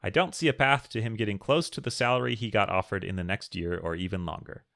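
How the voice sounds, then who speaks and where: Brief: male co-host, low gravelly voice with a bright edge, casual chat, reads letters, dry sound. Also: quick pace, dry recording. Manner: reads listener questions aloud, jokey. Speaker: podcast co-host.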